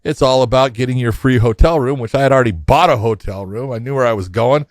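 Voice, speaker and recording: A man's voice: medium pitch, quick pace, no echo. A middle-aged man, co-host of a combat sports podcast, telling a long travel story in casual chat and laughing as he acts out the exchanges. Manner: animated anecdotes, laughs often, acts out quoted exchanges.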